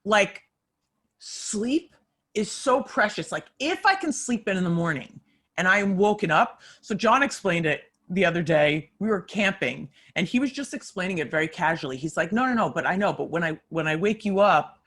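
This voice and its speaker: A woman hosting a casual chat, giggling and telling stories with animated energy. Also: on the low side, normal speed, slightly rough.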